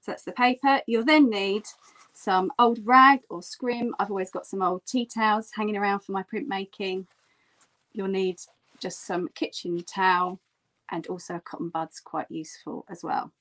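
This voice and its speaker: A woman's voice: fairly even intonation, normal speed. Chatty woman teaching a craft. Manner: chatty and explanatory, with bright lifts in pitch. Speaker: print artist teaching a workshop. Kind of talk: friendly online craft tutorial.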